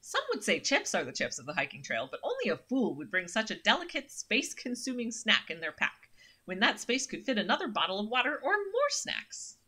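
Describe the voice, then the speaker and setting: A woman's voice: medium pitch, wildly swooping pitch, a little fast, bright, forceful tone, breathy edge, heavily acted. A woman voicing a friendly, chatty young female hiker in a horror game.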